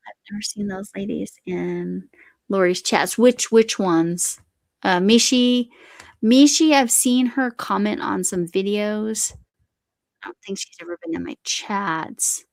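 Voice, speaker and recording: Chatty woman with a gravelly voice. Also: mid-range voice, takes it slowly, dry recording. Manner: chatty, reads viewer comments aloud, talks to her cat. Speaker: livestream host. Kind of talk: casual live chat while crocheting.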